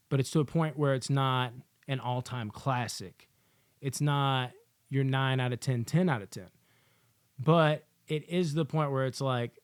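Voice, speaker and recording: A man's voice: mid-range voice, darkish tone, clean tone, dry recording, clean studio sound. Rambling, profane male movie reviewer. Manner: rambling, profane, candid, lots of fillers. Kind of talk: casual spoken movie review.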